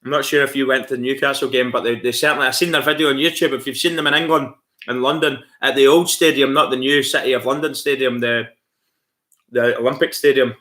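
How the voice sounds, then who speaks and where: Scottish male streamer, bright and forward tone, easygoing chat with his viewers. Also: mid-range voice, fairly even intonation, fast. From Scotland. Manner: friendly and chatty, calls viewers mate, laughs often. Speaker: livestream host. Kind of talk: casual chat reading out viewer comments.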